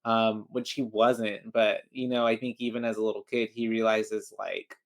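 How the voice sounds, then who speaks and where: A man co-hosting a podcast, recapping a film in loose, agreeable talk full of fillers and quick "mm-hmm"s. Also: fairly low pitch, flat delivery. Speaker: podcast co-host. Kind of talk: casual chat recapping a film.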